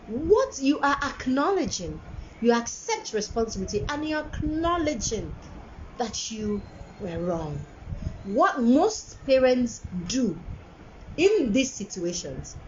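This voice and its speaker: A woman's voice: high-pitched, muffled recording, a little hiss or hum. A woman with a Nigerian accent, a parent giving an earnest, preachy monologue about parenting, repeating her points for emphasis. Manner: emphatic, preachy, lots of repeated phrases and restarts.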